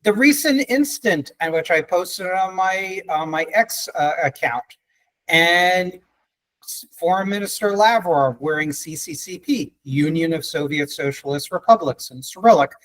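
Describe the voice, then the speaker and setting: A man's voice: high-pitched, lively intonation, measured pace, fairly bright tone, rough recording. A man hosting a podcast, pressing his points emphatically and cutting in with challenges. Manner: pushy, emphatic, cuts in with challenges. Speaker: podcast host. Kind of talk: debate-style conversation.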